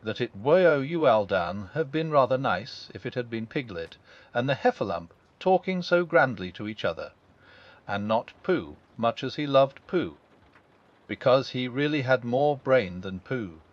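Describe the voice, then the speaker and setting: A man narrating a children's classic as a calm bedtime audiobook, gentle and expressive. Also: mid-range voice, unhurried. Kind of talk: calm bedtime storybook reading. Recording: dull lo-fi.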